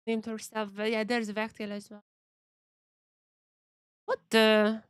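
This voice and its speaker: A woman's voice: a little high, completely flat delivery, slow pace, clean tone, no room sound, clean studio sound. A young woman streaming a game, chatting casually and thinking aloud as she reads the game's text. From Eastern Europe. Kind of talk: casual gameplay commentary.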